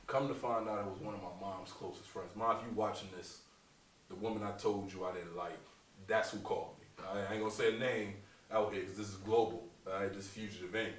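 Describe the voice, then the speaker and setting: A man's voice: fairly low pitch, steady tone, brisk. A man, a comedian being interviewed, telling stories in a laughing, slangy and profane way. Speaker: comedian guest. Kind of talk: casual interview storytelling. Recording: echoey room, distant mic, faint noise.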